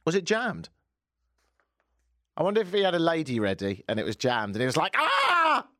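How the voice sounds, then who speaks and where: A man's voice: medium pitch, a little fast, no room sound. A man hosting a radio talk show, bantering playfully and mocking himself. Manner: playful, animated, self-mocking. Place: radio studio.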